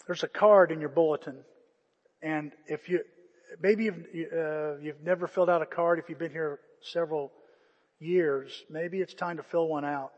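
A male pastor preaching a sermon, impassioned, swinging from loud calls to hushed pleas. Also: on the high side, steady tone, normal speed, highs cut off. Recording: echoey church hall.

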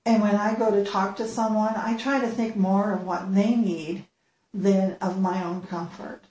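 A woman's voice: medium pitch, fairly even intonation, measured pace, warm tone, reverberant, lo-fi sound. A woman speaking earnestly at a church gathering, retelling a story and sharing her own experience. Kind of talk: sermon-style storytelling.

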